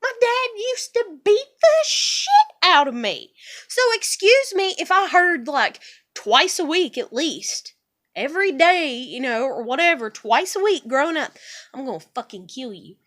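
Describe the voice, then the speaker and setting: Speaking straight into her personal vlog, a high-voiced woman rants bluntly and swears freely. She sounds heated and passionate as her speech rambles between points, yet it's sing-song, measured in pace, and fairly bright in tone.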